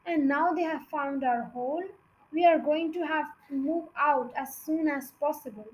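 A woman reading as a worried father fox with a high, bright voice. He speaks in urgent exclamations, the way a storybook father fox would. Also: moderate pace, slight background noise, close to an everyday voice, rough recording.

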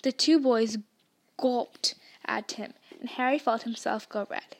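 A woman reading a novel aloud with expressive storytelling. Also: on the high side, unhurried. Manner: expressive storytelling, doing character voices. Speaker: audiobook reader.

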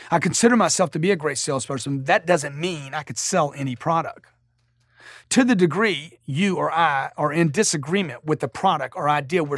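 A man's voice: a little high, fairly bright tone, no room sound. A middle-aged man giving a blunt, emphatic motivational talk on sales as a coach, speaking into a close studio mic. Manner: emphatic, blunt, with rising intensity. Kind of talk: motivational monologue.

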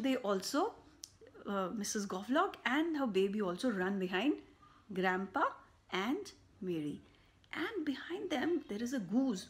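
A woman reading a picture book aloud to children, slow and animated, with buzzing and animal sound effects and soft whispered asides. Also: medium pitch. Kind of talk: children's story read-aloud.

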